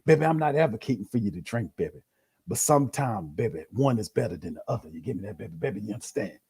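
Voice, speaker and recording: A man's voice: fairly low pitch, lively intonation, a little mellow, breathy edge, no echo, pitched below the performer's own voice, full character voice. A man voicing an older male preacher who soothingly calls everyone baby. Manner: slow, crooning, repeats baby.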